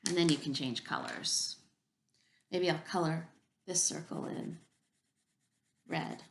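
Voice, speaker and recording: Gravelly, low-voiced preschool teacher. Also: female voice, lively intonation, slow pace, a little hiss or hum. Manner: gentle, warm-paced and encouraging with children. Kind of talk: children's story time reading.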